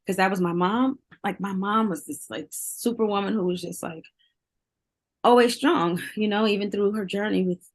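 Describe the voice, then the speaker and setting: A woman in her forties, a singer, talking candidly in an interview, full of fillers and quick to laugh. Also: fairly low pitch. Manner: candid, heavy filler use, laughs easily. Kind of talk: emotional interview conversation.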